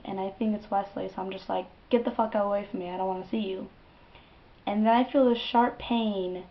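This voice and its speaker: A young woman talks straight to her camera, swearing freely and acting out the tale. Her voice sits in a mid range, and the webcam audio is slightly dull and muffled. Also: mid-range voice. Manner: animated and profane, with dramatic quoted outbursts. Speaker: vlogger. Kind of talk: casual storytelling to camera.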